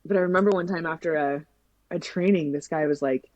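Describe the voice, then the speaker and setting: Enthusiastic, mellow-voiced woman guest. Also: deep voice, fairly quick, dry recording. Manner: enthusiastic, expressive storyteller. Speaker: podcast guest. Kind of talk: casual conversation.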